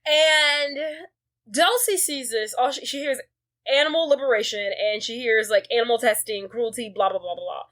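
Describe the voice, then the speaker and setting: Animated woman recapping a movie. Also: on the high side, normal speed. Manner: animated retelling, swears freely. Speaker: podcast co-host. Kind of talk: casual movie recap chat.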